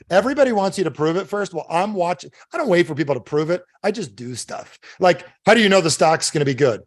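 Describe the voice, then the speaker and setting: A man with a somewhat high voice giving a live motivational seminar talk. He speaks emphatically and animatedly and keeps checking in with his listeners through questions. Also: no echo, studio quality. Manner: animated, keeps quizzing the audience; emphatic, storytelling.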